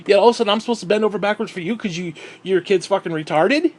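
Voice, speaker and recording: A man's voice: high-pitched, very fast, a little mellow. A man vlogging in a heated, sarcastic rant, swearing constantly. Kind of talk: profane ranting monologue.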